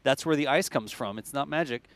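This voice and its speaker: A man's voice: mid-range voice, fairly quick, clear, resonant tone, no room sound. Chatty man hosting a live stream. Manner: chatty, joking, explains plainly. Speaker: livestream host. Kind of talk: casual live commentary.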